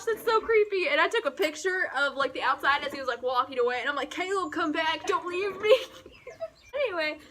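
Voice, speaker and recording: A young woman chatting casually on her porch as a book vlogger, telling dramatic, giggly stories. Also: high-pitched. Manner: animated storyteller, giggly and dramatic. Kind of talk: casual rambling chat. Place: outdoor porch.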